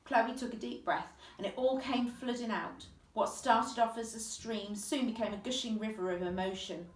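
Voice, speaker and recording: A woman reading a children's book aloud with expressive, vivid storytelling. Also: fairly high pitch, moderate pace. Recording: echoey room, distant mic.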